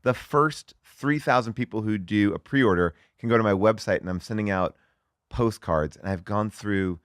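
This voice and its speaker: A middle-aged man chatting as a guest, telling a story in a lively way with lots of fillers and some swearing. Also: fairly low pitch, moderate pace, no echo, clean studio sound. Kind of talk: casual chat.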